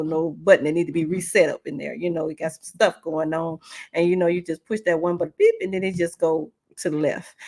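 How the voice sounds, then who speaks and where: A woman relationship coach hosting a podcast, telling a story in an animated, conversational way and speaking straight to her listeners. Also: on the low side. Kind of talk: casual storytelling.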